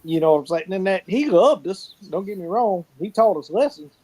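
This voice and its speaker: A man's voice: high-pitched, animated, a little fast, warm tone, poor audio. Folksy man telling stories. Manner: colorful folksy storyteller, salty language. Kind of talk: casual storytelling chat.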